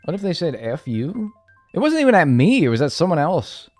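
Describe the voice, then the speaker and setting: A man's voice: high-pitched, very animated, fast, soft background music. A man chatting casually on a live stream, rambling and joking at his own expense. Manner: rambling, joking, self-mocking.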